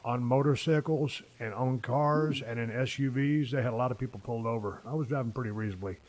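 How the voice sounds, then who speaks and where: A man's voice: medium pitch, quick pace, darkish tone. A man in his fifties hosting a casual podcast chat, telling long stories full of profanity. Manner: profane, rambling storyteller. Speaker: podcast host.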